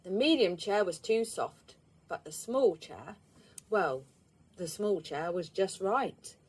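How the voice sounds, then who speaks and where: Woman, storybook reader, slow, expressive, lively pitch, higher voice. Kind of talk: children's storybook reading.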